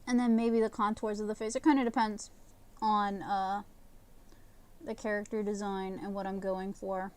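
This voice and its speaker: A woman teaching watercolor painting on a livestream, talking casually and in halting phrases while she paints. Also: medium pitch, little pitch movement, darkish tone, clear, resonant tone. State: talking with a candy in her mouth. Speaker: art instructor.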